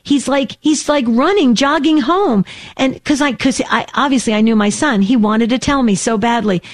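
A woman in her sixties, co-hosting a casual radio show, telling a story with animated, acted-out voices. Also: a little high, normal speed, no room sound. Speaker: co-host.

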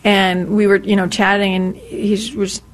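A woman's voice: medium pitch, a little slow. Chatty woman telling a story as a radio guest. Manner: animated storyteller, chatty with "you know" fillers. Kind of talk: casual interview chat. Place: radio studio.

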